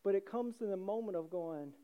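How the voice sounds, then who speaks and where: A man's voice: high voice, brisk, dull audio. A man preaching a sermon with passionate, rising emphasis. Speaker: pastor.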